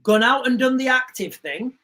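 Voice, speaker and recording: A woman's voice: high-pitched, expressive, moderate pace, a bit bright, low-quality recording. A woman hosting a livestream, talking in an indignant, rambling way and often repeating herself. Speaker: livestream host. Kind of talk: casual livestream commentary.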